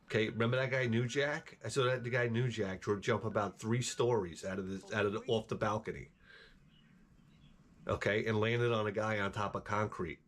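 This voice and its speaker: A man's voice: fairly low pitch, steady tone, normal speed, a little hiss or hum. A middle-aged man chatting casually while streaming a game, rambling and profane, with wisecracks. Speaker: gameplay streamer. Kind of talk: casual chat while gaming.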